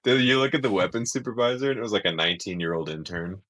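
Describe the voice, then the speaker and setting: A man co-hosting a comedy podcast, riffing loosely and laughing often between quick impressions. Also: lowish voice, expressive, bright, forceful tone. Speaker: podcast co-host. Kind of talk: casual comedic banter.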